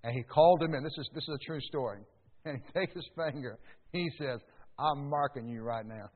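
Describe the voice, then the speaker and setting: A male pastor preaching a sermon, with sudden loud rises and slow stressed words. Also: a little high, breathy edge. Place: church sanctuary. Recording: echoey hall, tinny phone-like sound.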